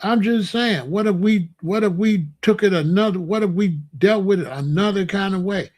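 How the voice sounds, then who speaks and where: In a high, darkish voice at a moderate pace, a male commentator from Chicago delivers a ranting monologue to camera. He repeats himself emphatically and stretches words out to stress them.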